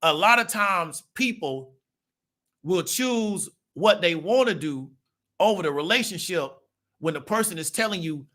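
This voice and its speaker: A man's voice: high voice, expressive, normal speed, bright, forceful tone. A man, giving a casual monologue to his viewers and checking in with rhetorical questions. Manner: conversational, rhetorical "right?" check-ins. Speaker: channel host.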